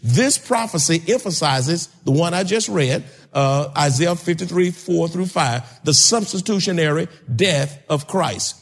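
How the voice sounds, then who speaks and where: A man preaching a sermon, calling out to his congregation and rising to shouts. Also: fairly high pitch, lively intonation, a little slow, hardly any pauses, breathy edge. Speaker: pastor. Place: church sanctuary. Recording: long hall reverb.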